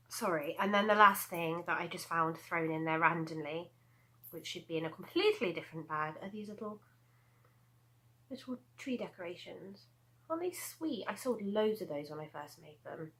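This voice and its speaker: Her voice is fairly low, bright, and forceful: a crochet vlogger in her thirties, chatting at home as she displays her handmade pieces. The show-and-tell is casual and rambling, with asides and laughs, and the recording quality is low.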